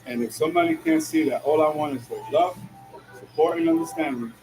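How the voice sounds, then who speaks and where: A man's voice: on the high side, a little fast, darkish tone, poor audio. A man in a casual monologue, slangy and full of "yo", laughing often as he talks while driving. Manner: slangy, peppered with "yo" and "you know what I'm saying"; laughs often between lines. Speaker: vlogger. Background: music.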